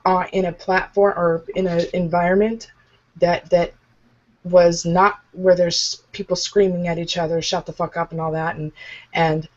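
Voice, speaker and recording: A woman's voice: fairly low pitch, level tone, measured pace. A woman co-hosting a podcast, telling stories in casual banter, swearing often and laughing. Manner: profane, laughing storyteller. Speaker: podcast co-host. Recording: dull lo-fi audio.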